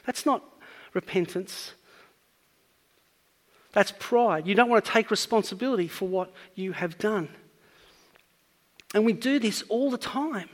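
High-voiced man preaching in a reverberant hall. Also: unhurried, pauses often. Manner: earnest teaching, rising to emphatic peaks. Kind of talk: sermon.

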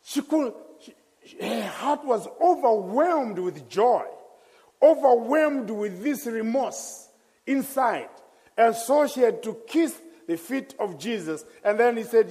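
Slow, high-voiced man preaching in a hall. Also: animated, mellow. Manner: passionate storytelling, slow and emphatic. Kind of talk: sermon. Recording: long hall reverb.

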